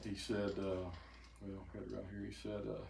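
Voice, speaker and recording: An older man telling an emotional personal testimony to a group, halting and repeating words as he goes. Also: lowish voice, little pitch movement, vocal fry. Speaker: speaker giving a testimony. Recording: echoey room, faint noise.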